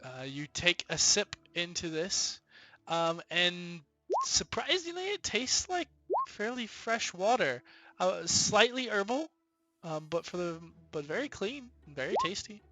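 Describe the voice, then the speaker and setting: A man running a tabletop game as dungeon master, narrating scenes in a relaxed, descriptive way with many fillers. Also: high-pitched, unhurried.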